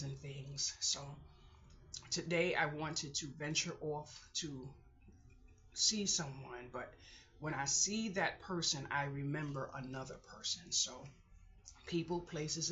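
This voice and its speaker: A middle-aged woman vlogger keeps a personal video diary, talking to herself in a halting voice that often drops to a whisper as she holds back tears. Her voice sits low and is a bit bright, captured with lo-fi sound.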